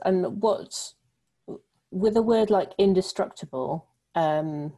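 Low, mellow woman explaining phonics. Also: husky, poor audio. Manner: thoughtful, filler-heavy explaining. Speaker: literacy researcher guest. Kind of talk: explanatory interview answers.

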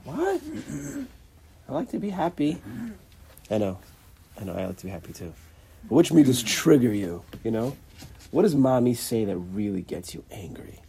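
A man giving an informal religious lecture in a halting way, often repeating words and acting out little dialogues. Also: on the low side, animated, gravelly, dark tone, slight background noise. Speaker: religious teacher.

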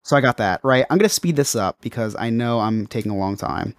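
A man co-hosting a podcast, telling a story in a lively, self-mocking way and stumbling over his words. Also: medium pitch, a little fast. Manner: animated, self-mocking, frequent restarts. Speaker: podcast co-host. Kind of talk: casual storytelling chat.

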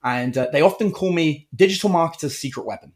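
A man's voice: on the high side, fast. A middle-aged man, a guest entrepreneur, telling stories in a casual interview and acting out the people he quotes. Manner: animated storyteller, acts out quotes.

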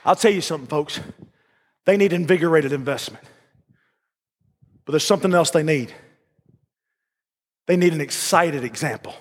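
A male pastor preaching a folksy sermon, repeating lines and building to shouts. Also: a little high, moderate pace, pauses often, a faint crowd. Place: church sanctuary. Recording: reverberant church hall.

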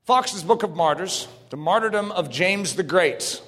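A male preacher giving a sermon, reading quotes aloud with asides and building to fervent shouting. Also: high-pitched, animated, measured pace, big-room sound.

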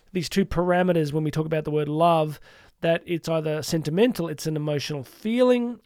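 A man hosting an inspirational podcast for teachers, speaking warmly with playful asides and slowing down for emphasis. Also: fairly high pitch, no room sound, clean studio sound. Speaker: podcast host.

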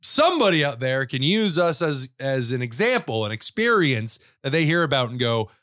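A man's voice: medium pitch, very animated, moderate pace, bright, forceful tone, dry recording, clean studio sound. A man co-hosting a casual comedy podcast, wry and mock-exasperated with his partner. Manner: wry, exasperated, laughs easily. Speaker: podcast co-host.

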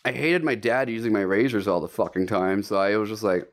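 A young man from the Los Angeles area, a podcast guest chatting casually, animated and quick to laugh, swearing freely. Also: on the low side. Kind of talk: casual chat.

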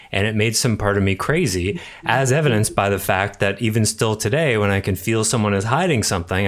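A man co-hosting a podcast, talking in a reflective, articulate way. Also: lowish voice. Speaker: podcast co-host. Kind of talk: casual conversation.

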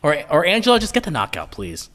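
A man's voice: on the high side, huge pitch swings, quick pace, fairly bright tone. A man hosting a casual podcast chat, joking and mocking himself as he leads the talk. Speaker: podcast host.

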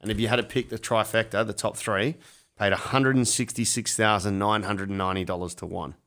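A young Australian man chatting about sports bets with a mate. He swears freely and laughs a lot, and his voice sits on the low side. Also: steady tone, brisk, fairly bright tone. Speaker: podcast co-host. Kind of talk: casual sports betting chat.

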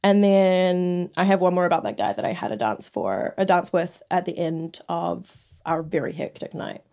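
A woman's voice: fairly low pitch, lively intonation, moderate pace, gravelly, mellow. A young woman co-hosting a podcast, telling stories in a chatty, giggly way with plenty of fillers. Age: young adult. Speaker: podcast co-host. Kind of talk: casual chat, storytelling.

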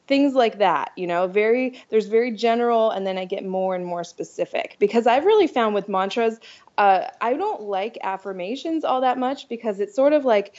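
A woman's voice: mid-range voice, normal speed, a little mellow. Giggly woman coach chatting on a podcast, echoey room, kinda dull muffled audio. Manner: bubbly, laughs often, many restarts. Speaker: podcast guest, dating coach. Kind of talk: casual interview chat.

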